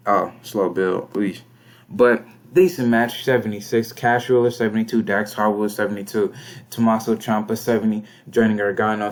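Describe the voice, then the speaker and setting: A young man giving casual, slangy commentary on a wrestling management game, reading out match ratings. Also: fairly low pitch. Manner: laid-back, slangy, reads scores aloud. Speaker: gaming commentator.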